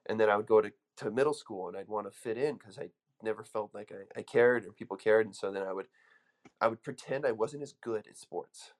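A man speaks to a live audience in a motivational talk, his voice sitting somewhat low. He tells his stories emphatically and often restarts his sentences as he goes. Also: a little fast. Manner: emphatic, storytelling, frequent restarts. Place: room with an audience.

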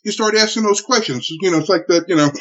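A man recalls a personal ordeal in an interview, telling it animatedly, restarting his sentences and acting out his own words and others'. His voice sits a bit high and sounds raspy. The recording is muffled and lo-fi. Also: fairly quick. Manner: animated storytelling with frequent restarts and acted-out quotes. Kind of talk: emotional spoken recollection. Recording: dull lo-fi recording.

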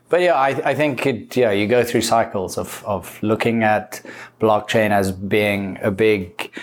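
A man from South Africa joins a podcast panel as a guest. His voice is fairly low, and he speaks in a measured, slightly hesitant way. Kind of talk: casual panel chat.

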